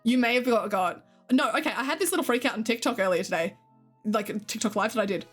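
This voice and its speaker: A young Australian woman streams and chats loosely with her live chat, swearing freely and laughing often. She talks fast in a fairly high voice, with faint music in the background.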